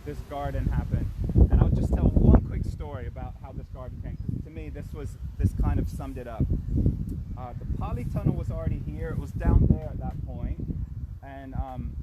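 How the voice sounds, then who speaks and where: A man's voice: medium pitch, moderate pace, dull audio. Chatty man telling stories outdoors. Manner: chatty, storytelling, many restarts. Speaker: walk guide and community organiser. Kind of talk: casual outdoor storytelling. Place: outdoors by a community garden. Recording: loud outdoor noise with passing traffic.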